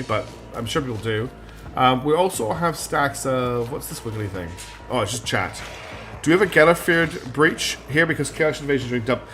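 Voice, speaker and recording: A man's voice: mid-range voice, sharp tone. A man streaming a game, chatting casually, thinking aloud and reading out game text. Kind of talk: casual gameplay commentary.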